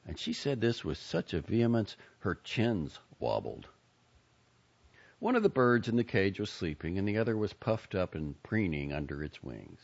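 Expressive guy reading a story aloud, husky voice, dull lo-fi sound. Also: deep voice, normal speed. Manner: expressive, character-driven. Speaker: audiobook narrator. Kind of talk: storytelling narration.

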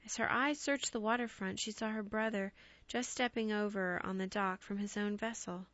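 A woman reads ghost stories aloud as an audiobook, measured and expressive. Her voice sits at a middle pitch. The recording is dry and close, with a slightly dull tone. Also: dry recording. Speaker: narrator.

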